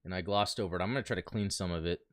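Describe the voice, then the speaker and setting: A man with a low voice hosts a casual livestream from home, talking very fast into a desk mic as he chats with viewers, sets up and thinks out loud. The sound is clean studio quality with no echo.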